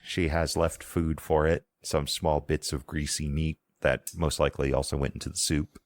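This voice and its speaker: A man narrating a tabletop role-playing game as game master, in a casual, halting way. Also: extremely low pitch, flat delivery, no room sound. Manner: casual, halting, lots of fillers and laughs.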